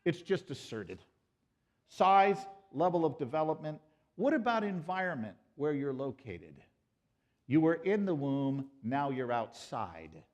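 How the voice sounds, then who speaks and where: A man speaks to a live conference audience in a fairly high, lively voice. He lectures with energy, quizzes the crowd and drops in jokes between his points. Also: a little slow. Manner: animated, joking with the audience. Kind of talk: pro-life apologetics lecture.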